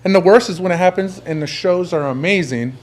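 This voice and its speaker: A man who manages artists, hosting a podcast and giving practical advice in a casual conversation. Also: high-pitched. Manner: advising, talks fast and at length.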